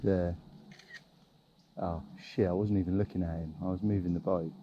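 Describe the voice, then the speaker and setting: A man filming his own bike-touring vlog outdoors, chatting in a casual, excitable and rambling way. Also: deep voice, moderate pace, pauses often, highs cut off. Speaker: touring cyclist vlogger. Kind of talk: casual self-filmed travel chat. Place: outdoors by a rainy roadside. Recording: noisy outdoor camera audio.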